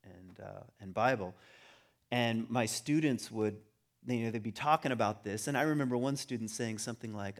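A middle-aged man giving an informal talk on religion to a group, conversational and rising into animated emphasis. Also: on the low side, moderate pace. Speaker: speaker on religion and home.

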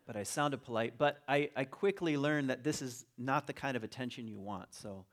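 Middle-aged male speaker, mid-pitched, easygoing storyteller, loose conversational delivery, talk to a congregation. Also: moderate pace. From Virginia. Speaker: teacher giving a talk.

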